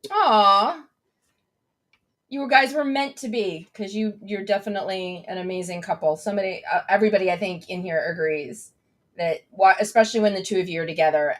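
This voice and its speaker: Woman hosting a video call chat, mid-pitch voice, super eager and into it. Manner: enthusiastic, reacts with laughs and gasps. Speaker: host. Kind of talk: casual interview chat.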